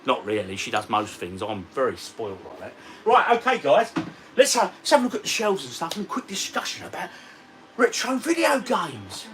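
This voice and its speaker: A matey man in his forties chats on a livestream from his games room, his voice bright and lively as it swings up and down. He sits some way from the mic, with faint background hiss around him. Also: mid-range voice, moderate pace. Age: 40s. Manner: chatty, matey, reads out viewer comments. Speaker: retro gaming vlogger. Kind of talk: casual livestream chat. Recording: distant mic with faint ambient noise.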